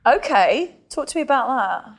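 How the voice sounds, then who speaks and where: A woman's voice: high voice, sing-song, moderate pace. A woman interviewing a guest, asking eager follow-up questions and laughing often. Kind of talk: casual interview.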